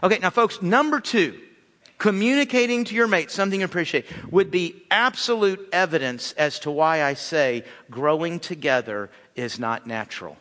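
Man, pastor, lively conversational sermon, high bright voice, long hall reverb. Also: moderate pace. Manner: animated, conversational preaching with acted-out asides. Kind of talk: sermon on marriage.

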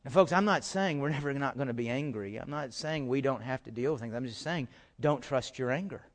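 A middle-aged man preaching a sermon, swinging from loud, emphatic outbursts to quiet, low asides and often repeating words as he stresses a point. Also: fairly quick. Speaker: pastor.

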